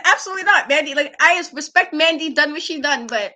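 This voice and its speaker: Bright high-voiced woman ranting animatedly. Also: normal speed. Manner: animated, exasperated, laughing often; emphatic repetition. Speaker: wrestling show co-host. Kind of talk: casual podcast rant.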